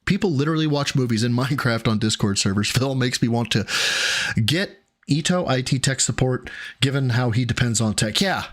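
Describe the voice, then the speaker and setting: A man's voice: medium pitch, expressive, a little fast. Streamer guy going off, swears a ton, sarcastic, voice swings up and down a lot. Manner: profane, angry ranting with sarcasm. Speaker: streamer host. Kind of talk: live stream reaction rant.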